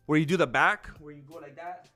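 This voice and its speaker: Excitable young-sounding streamer guy. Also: a little high, fairly quick, faint music behind. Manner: rambling, excitable, calls viewers dude and bro. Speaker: streamer host. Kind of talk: casual livestream chat.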